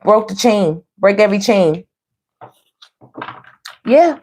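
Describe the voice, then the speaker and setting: A woman's voice: medium pitch, expressive, slow, a little mellow. A woman doing a casual online tarot reading, chatty and playful, who laughs often and talks straight to her viewers. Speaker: tarot reader.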